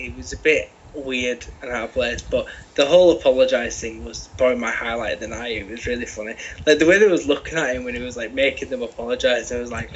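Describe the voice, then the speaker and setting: A man's voice: mid-range voice, fairly even intonation, quick pace, hardly any pauses, highs cut off, slight background noise. A British man talking animatedly on a podcast, swearing freely and restarting his sentences often. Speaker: podcast co-host. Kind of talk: casual chat.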